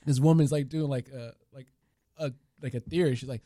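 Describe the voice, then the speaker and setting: A young man chatting casually, telling animated stories and swearing freely. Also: medium pitch, brisk, dry recording, clean studio sound. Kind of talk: casual chat.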